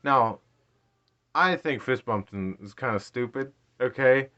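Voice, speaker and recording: A man's voice: mid-range voice, lively intonation, measured pace, sharp tone, highs cut off. A man in his late thirties casually telling an embarrassing story, rambling, self-deprecating and laughing often. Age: 30s. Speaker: vlogger.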